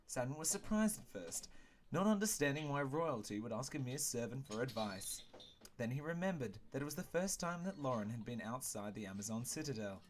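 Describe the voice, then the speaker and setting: A man hosting a game playthrough, reading the story aloud and chatting casually, playful and excitable. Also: mid-range voice, a little fast, slight background noise. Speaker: let's play host and reader.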